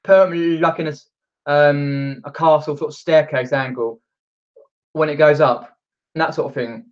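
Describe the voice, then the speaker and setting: A man's voice: on the high side, steady tone, normal speed, lo-fi sound. A man from just outside London with a Mockney accent, chatting casually on a live stream and reading out viewer comments, rambling with lots of fillers. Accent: Mockney, outer London. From England.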